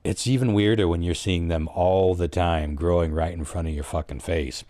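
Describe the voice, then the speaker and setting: A man's voice: deep voice, steady tone, normal speed, warm tone, no room sound. A man co-hosting a podcast, rambling in casual chat, swearing and joking along. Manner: rambling and chatty, swears, chimes in with jokes. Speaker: podcast co-host.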